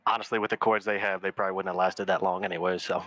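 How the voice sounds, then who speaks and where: Bright, dry-sounding male player. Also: low-pitched, level tone, rapid-fire, no echo, faint music behind. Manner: joking, hesitant fillers. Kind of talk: casual tabletop play.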